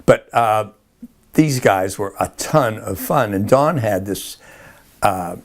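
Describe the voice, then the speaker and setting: A man's voice: lowish voice, animated, slow pace. An older man being interviewed, rambling through old army stories with frequent chuckles and restarts. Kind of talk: oral history interview.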